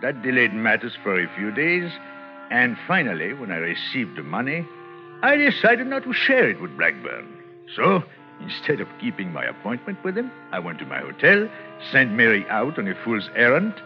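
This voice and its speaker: A sly, self-satisfied swindler who narrates his own misdeeds in a smooth, lively voice that swoops up and down. It is heard through a dull, lo-fi old radio broadcast. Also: moderate pace, faint music behind. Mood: smug. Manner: smooth, self-satisfied, turns shrill when cornered. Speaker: narrator and lead character. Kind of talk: 1950s radio thriller acting.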